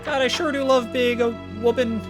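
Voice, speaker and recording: A man in his thirties putting on a giddy, singsong young woman medic in a high falsetto. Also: steady tone, normal speed, over music. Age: 30s.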